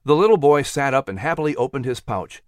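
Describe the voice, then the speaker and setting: A man narrating a storybook in an expressive, animated way. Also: medium pitch, quick pace, no room sound, studio quality.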